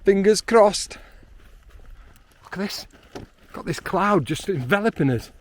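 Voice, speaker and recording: A man, chatting excitedly outdoors on a hilltop, with frequent ums. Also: high voice, a little slow. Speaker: landscape photographer. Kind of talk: casual vlog narration while hiking.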